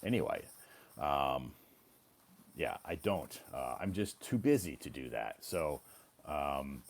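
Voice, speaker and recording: A man's voice: very deep voice, sing-song, slow, vocal fry. A male English teacher giving a casual live-stream lesson, explaining patiently and repeating words for learners. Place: living in China.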